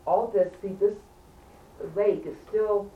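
A woman telling a casual story to friends in an animated, emphatic way, often checking in with her listeners. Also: medium pitch, slow pace, narrow, tinny audio. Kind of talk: casual anecdote. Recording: roomy, distant, faint background hum.

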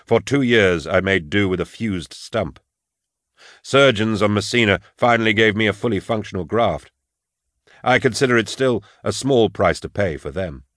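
A man reading first-person audiobook narration in a grave, measured and sombre manner into a close studio mic. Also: on the low side, fairly bright tone, dry recording.

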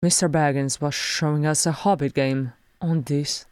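A woman's voice: deep voice, fairly even intonation, normal speed, darkish tone, smooth, dry recording, studio quality, natural voice. A woman reading aloud, voicing a proud, boastful young dwarf who likes to tease. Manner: boastful, teasing.

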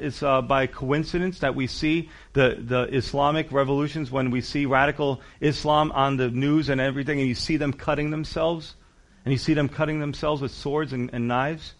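Animated, slightly high-voiced male preacher. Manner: animated, emphatic, conversational asides. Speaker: pastor. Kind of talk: sermon.

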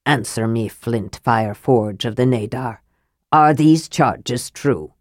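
A stern dwarf chieftain who gives orders in a grim tone, voiced by a woman reader. The voice is low and sits dry and close to the mic. He sounds like a ruler in a storybook. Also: measured pace, dry recording. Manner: grim, commanding.

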